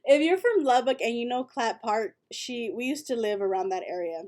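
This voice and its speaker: A woman's voice: on the high side, lively intonation, moderate pace, darkish tone. Chatty Texan woman on a late-night livestream. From West Texas. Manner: chatty, reads viewer comments aloud, storytelling. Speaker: livestream host.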